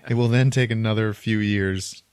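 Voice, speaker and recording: A man co-hosting a podcast, casually retelling a movie plot with animated acted-out quotes and laughter. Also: lowish voice, normal speed, smooth, no room sound. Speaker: podcast co-host. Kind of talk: casual movie recap chat.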